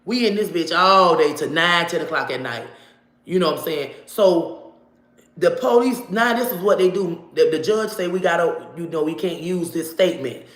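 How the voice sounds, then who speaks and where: A woman telling a personal story to camera in a casual, animated way, swearing freely and acting out what people said. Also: on the low side, normal speed, roomy sound. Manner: animated, profane, acts out dialogue.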